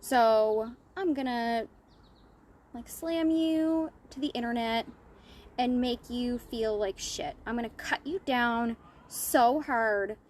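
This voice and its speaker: A woman's voice: on the high side, fairly even intonation, slow, a little mellow, a little hiss or hum. A woman business coach talking straight to her audience in a blunt, profane, fired-up monologue. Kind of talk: impassioned monologue to camera.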